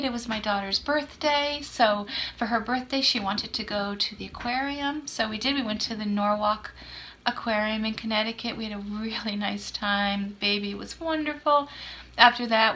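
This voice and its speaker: A woman in her fifties with a bright, crisp voice tells a personal story for her podcast. She talks in a chatty, self-deprecating way and acts out the lines of the people in it. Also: medium pitch, slight background noise. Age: 50s. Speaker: podcast host. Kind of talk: casual storytelling chat.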